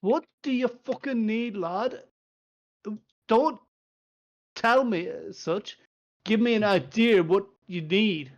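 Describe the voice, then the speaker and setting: A man voicing a gruff, impatient male dwarf chief who swears and calls everyone lad. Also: sits high, lively intonation, moderate pace, lo-fi sound, pitched above the performer's own voice. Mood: irritated.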